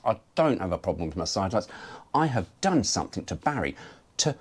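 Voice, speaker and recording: A man hosting a casual car vlog, animated and jokey, rambling from one aside to the next. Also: lowish voice, fairly quick, faint music behind. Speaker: host.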